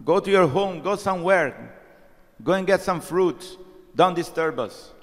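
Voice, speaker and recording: A man's voice: high-pitched, animated, measured pace, voice pushed up. Man voicing indignant priests, scolding and raised, in a reverberant hall. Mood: angry, scolding.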